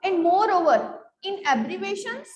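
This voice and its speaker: A woman's voice: very high voice, sing-song, moderate pace. A woman teaching a grammar class, repeating her questions to the students and filling with "you can say". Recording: echoey room with long reverb.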